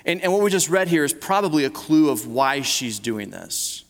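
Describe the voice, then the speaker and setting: A male pastor with a sing-song voice on the high side preaches a conversational sermon to a live congregation at normal speed. He often restarts his words as he goes. The long reverb of a large hall surrounds him.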